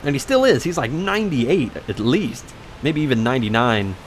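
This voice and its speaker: A man's voice: medium pitch, normal speed, a little hiss or hum. A young man in casual commentary, telling a long personal story over gameplay, rambling and correcting himself as he goes. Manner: rambling, self-correcting, animated when indignant. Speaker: let's play commentator.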